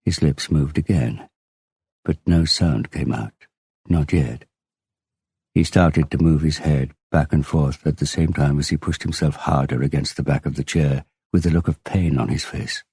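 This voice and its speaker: A man narrating a crime novel audiobook in a measured, unhurried reading. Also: extremely low pitch, fairly even intonation, darkish tone, slightly rough, dry recording, studio quality. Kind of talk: scripted narration.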